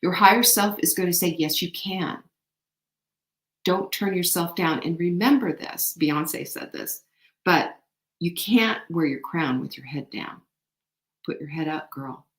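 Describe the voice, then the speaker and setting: Woman host, low-ish voice, fervent pep talk, roomy echo. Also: a little slow. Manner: animated, emphatic, faith-inspired encouragement. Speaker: show host. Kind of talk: motivational talk. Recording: echoey room.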